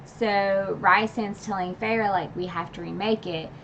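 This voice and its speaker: A woman's voice: medium pitch, fairly even intonation, a little slow, a bit bright, a little hiss or hum. Chatty woman recapping a book. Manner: chatty, full of filler "like"; retells scenes with emotional asides and laughs. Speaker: book channel streamer. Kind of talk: casual livestream book recap. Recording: dull lo-fi stream audio.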